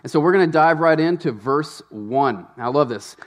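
A man, a pastor, preaching a sermon in a conversational, animated way with asides to the congregation. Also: fairly high pitch, normal speed.

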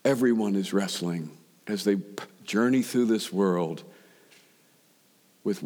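A male preacher delivers a sermon in a relaxed storytelling manner and stacks up rhetorical questions. His voice sits low. Long reverb rings behind him, as in a large hall. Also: slow pace. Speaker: pastor.

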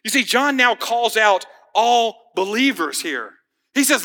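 A man's voice: extremely high pitch, expressive, measured pace, sharp tone. A man preaching a sermon as pastor, earnest and emphatic, asking the congregation pointed questions. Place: church sanctuary. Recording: hall reverb.

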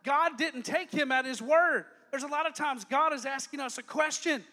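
High bright-voiced pastor in a hall. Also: male voice, normal speed. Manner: lively, joking, acts out quotes in varied voices. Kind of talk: youth sermon.

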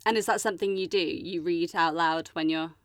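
Woman, interviewer, fairly low voice, thoughtful, hesitant phrasing, dry recording. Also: fairly even intonation, fairly quick, dry recording. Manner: thoughtful, hesitant questions with "sort of" and "um". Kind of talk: casual interview conversation.

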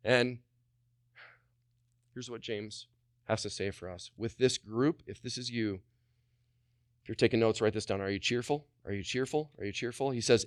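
Energetic man preaching a sermon. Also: mid-range voice, normal speed, pauses often, no room sound, studio quality. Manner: energetic, repetitive, voices the speakers he quotes. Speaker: pastor.

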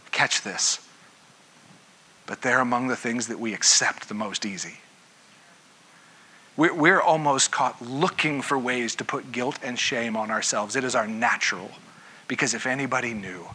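A male pastor delivers an interactive sermon, talking casually and throwing questions out to his listeners. His voice is very bright and sharp-edged, with a noticeably husky grain. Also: medium pitch. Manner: conversational, asks the listeners questions.

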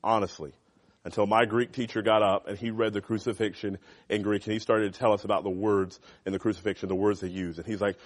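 A man who is a youth pastor, giving a sermon to teenagers in a church classroom. He talks in an animated, conversational way, swinging from loud emphasis to quiet asides. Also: lowish voice, fast.

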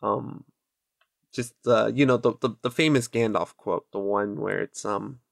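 A man hosting a podcast in casual chat, telling stories in a rambling, animated way with many restarts. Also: fairly low pitch, a little slow, creaky, dry recording, clean studio sound. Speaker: podcast host.

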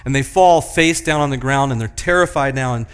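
A man preaching a sermon, moving between loud, emphatic passages and hushed, slow ones. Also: mid-range voice, clean tone, faint music behind. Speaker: pastor.

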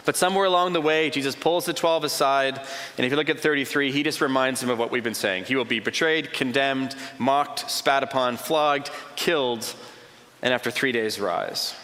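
In a large hall with long reverb, a pastor delivers his sermon conversationally at a moderate pace, his mid-range voice sharp in tone. He plays out imagined dialogue and stacks up short, repeated phrases to drive his points home.

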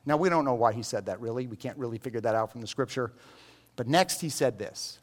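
A man preaching a sermon in an animated, joking storytelling manner. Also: medium pitch, fast talker. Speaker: pastor.

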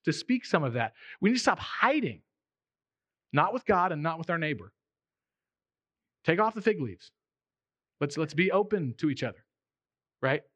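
A man's voice: on the high side, a bit bright, dry recording. A man in his thirties or forties preaching a sermon in a conversational way, acting out the quotes he tells. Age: 30s to 40s. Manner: conversational, acts out quotes in voices. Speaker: pastor.

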